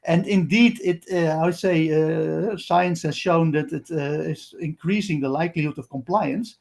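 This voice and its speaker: A man interviewing a guest in a casual discussion, pausing often with fillers and dropping in dry jokes. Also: a little high, creaky.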